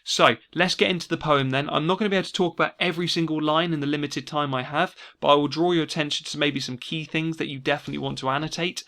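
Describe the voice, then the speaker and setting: A man teaching an exam revision lesson, explaining steadily and slowing down to stress key words. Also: on the high side, fairly even intonation, sharp tone. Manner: explanatory, repeats key words slowly for emphasis. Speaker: English teacher.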